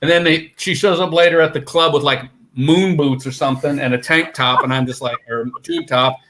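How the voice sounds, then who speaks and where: A man's voice: a little high, brisk, background noise. A man who plays in a band, a guest on a podcast, telling road stories with lots of swearing and acting out what people said. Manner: swearing, animated storytelling that acts out quotes. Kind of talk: casual storytelling.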